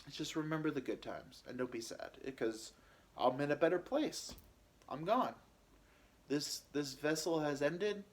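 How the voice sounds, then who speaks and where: Podcaster, male, mid-pitched; halting, rambling first-person storytelling. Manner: rambling, halting, many fillers and restarts. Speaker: podcast host telling his own story.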